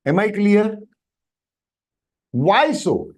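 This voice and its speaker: A man with an Indian English accent teaches Sanskrit in an online workshop over a video call, checking in with students and asking them questions as he explains. He blends Hindi into his English. His voice is a little high, a little slow, and mellow.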